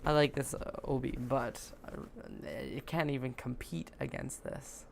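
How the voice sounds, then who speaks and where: A woman's voice: a bass voice, steady tone, measured pace, gravelly, darkish tone, a little hiss or hum. A woman talking casually as she sews, joking and chatting to herself while she works in a home sewing room. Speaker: sewing vlogger.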